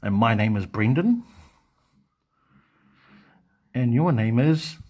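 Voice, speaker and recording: A man's voice: mid-range voice, expressive, normal speed, darkish tone. A man chatting casually on a live stream, rambling and hesitant, full of ums and restarts.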